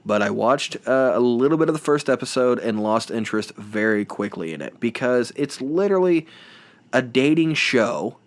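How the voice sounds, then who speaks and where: A man's voice: mid-range voice, animated, normal speed. A young man hosting a solo podcast, rambling and self-deprecating with lots of restarts and fillers. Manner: playful mimicking of reality show voices. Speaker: podcast host.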